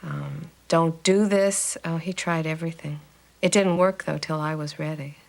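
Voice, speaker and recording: A woman's voice: deep voice, steady tone, moderate pace, vocal fry. Frank woman in a documentary interview. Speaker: interviewee, smoker.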